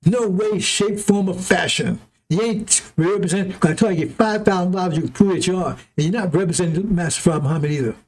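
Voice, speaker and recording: A man's voice: high voice, quick pace, darkish tone. A man giving a loose, rambling sermon to his followers, blunt and often laughing as he reads scripture. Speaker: preacher.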